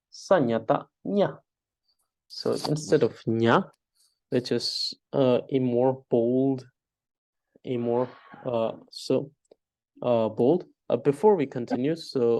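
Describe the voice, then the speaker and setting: A man's voice: medium pitch, a little mellow. A man teaching an online spelling lesson over a video call, hesitant with many filler sounds, drilling syllables aloud one by one. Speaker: language teacher.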